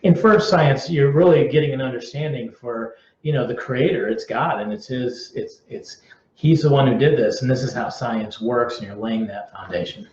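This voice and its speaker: A man fields viewer questions on a casual live stream, speaking at a middling pitch. He often trips over his own sentences and restarts them. The sound is roomy and a little dull. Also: moderate pace, darkish tone, slight background noise. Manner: conversational, with frequent restarts and filler words. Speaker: curriculum representative answering viewer questions.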